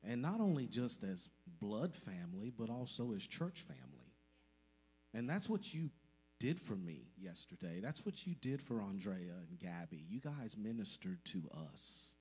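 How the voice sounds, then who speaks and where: A man with a husky, slightly breathy voice stands before his congregation and gives a heartfelt testimony. He speaks with emotion and deep gratitude, from the heart. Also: very animated, moderate pace, a little mellow. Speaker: church member addressing the congregation. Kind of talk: heartfelt testimony in a church service.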